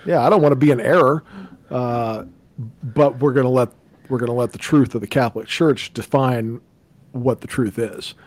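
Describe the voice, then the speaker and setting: A man's voice: medium pitch, moderate pace, no room sound. Laid-back man co-hosting a podcast. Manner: relaxed, chatty, laughs easily. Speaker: podcast co-host. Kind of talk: casual podcast chat.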